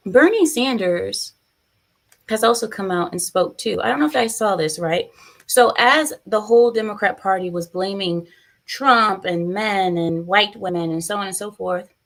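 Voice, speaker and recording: A woman's voice: medium pitch, normal speed, gravelly, a bit bright. Chatty opinionated woman streamer. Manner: chatty, opinionated, reads viewer comments aloud. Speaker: political commentary streamer. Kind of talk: casual live-stream commentary.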